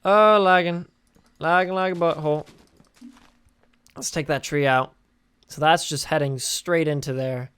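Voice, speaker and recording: A man's voice: fairly high pitch, measured pace, long pauses, fairly bright tone, clear, resonant tone, dry recording. A young male gaming host talks casually while he builds, tired and drowsy. He rambles in a chatty way, with fillers and false starts. The sound is dry and close, like a desktop gaming mic in a dead room. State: tired and sleepy.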